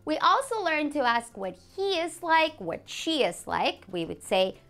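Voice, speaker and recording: A woman teaching a beginners' language lesson, a native Spanish speaker who says example phrases slowly and clearly and praises the learner. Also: sits high, big pitch swings, fairly bright tone. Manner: clear, slow modeling of example phrases, encouraging.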